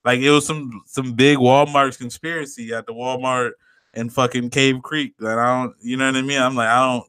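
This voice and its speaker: A man's voice: mid-range voice, fairly even intonation, normal speed, bright, forceful tone, smooth, no room sound. A man co-hosting a podcast, telling stories in casual chat, swearing freely and laughing often. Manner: laid-back storyteller, swears a lot, laughs often. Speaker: podcast co-host.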